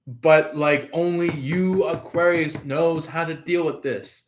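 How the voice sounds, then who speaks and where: A man's voice: a little high, steady tone, takes it slowly. A man giving a casual tarot reading, rambling with many fillers and restarts. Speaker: tarot reader.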